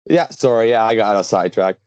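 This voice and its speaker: A man's voice: lowish voice, fast talker, a little mellow, no room sound. Earnest rambling man from Canada. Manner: earnest, rambling, many fillers and restarts. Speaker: guest, charity founder. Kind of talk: casual interview talk. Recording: dull lo-fi dry sound.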